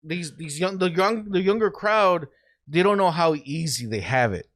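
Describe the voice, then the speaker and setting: A man's voice: on the high side, lively intonation, normal speed, fairly bright tone, no echo, clean studio sound. A young man co-hosting a casual podcast, telling stories in a laid-back way full of fillers. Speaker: podcast co-host. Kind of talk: casual group chat.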